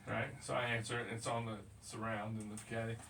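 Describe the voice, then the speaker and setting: A man's voice: on the low side, flat delivery, fast, vocal fry, fairly bright tone. A man hosting a casual podcast chat, laughing often and swearing as he tells stories. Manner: laughing, profane storytelling. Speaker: podcast host. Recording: distant mic with faint noise.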